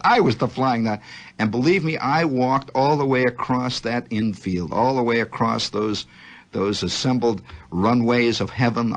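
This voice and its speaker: A man hosting a radio show, telling a childhood story in a rambling, animated monologue and often searching for words. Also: lowish voice, husky. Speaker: radio host.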